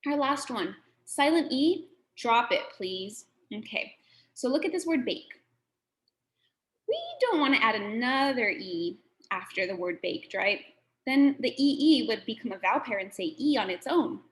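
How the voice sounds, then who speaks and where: Lady teacher doing phonics with kids, slow and patient, sounds out every word. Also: on the high side, expressive. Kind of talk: phonics lesson for children.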